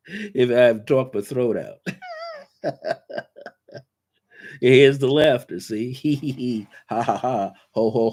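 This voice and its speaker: A spiritual teacher and show host leads a guided spiritual talk, repeating incantatory affirmations and slowing down on key words. His voice is medium in pitch with a dark tone.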